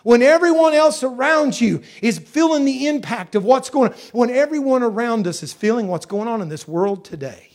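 A man preaching a sermon emphatically, repeating phrases and swinging between loud and soft. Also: extremely high pitch, expressive, moderate pace, few pauses.

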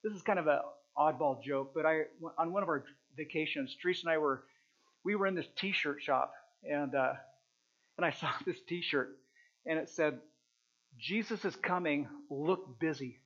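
A man preaching a sermon in a somewhat high voice, earnest and full of halting restarts. He swings between loud bursts and hushed, quiet lines. The recording sounds dull and muffled, with a mains hum underneath. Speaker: pastor.

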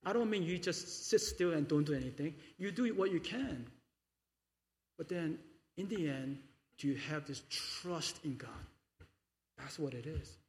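A man with a high voice preaches a sermon slowly and deliberately, shifting from hushed reflection to loud, fervent declarations. His voice carries through a large church hall with a long, ringing reverb. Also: expressive. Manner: swings from quiet musing to loud fervent preaching. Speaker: pastor.

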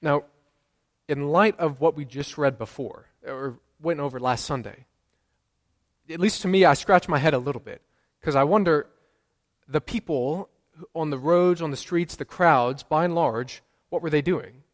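A male pastor preaching in a church sanctuary, his voice sitting a little higher than most men's and trailing off in long reverb. He is earnest and repeats his key lines, stopping to quiz the congregation. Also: measured pace. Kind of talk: sermon.

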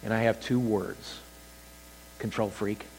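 A man preaching a sermon as pastor, telling stories with animated delivery and acting out quoted voices. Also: on the low side, slow pace, a little hiss or hum. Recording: long hall reverb.

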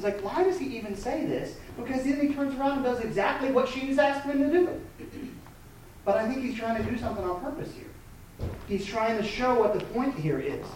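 A man's voice: sits high, slight background noise. Male pastor, thirties, conversational sermon with restarts; distant mic, heavy room echo. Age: 30s. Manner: conversational, with frequent restarts and fillers.

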